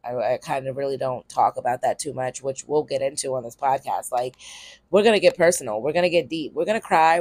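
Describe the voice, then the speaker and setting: A woman's voice: very deep voice, darkish tone, no room sound. A woman from Pennsylvania, a comedian hosting her own podcast, talking candidly in a loose, rambling way, full of ums and casual cursing. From Harrisburg, Pennsylvania, US. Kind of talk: casual solo podcast monologue.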